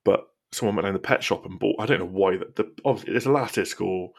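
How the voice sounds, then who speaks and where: A gravelly low man chatting. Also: fast talker. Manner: chatty, laughs at own ideas. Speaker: podcast co-host. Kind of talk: casual chat.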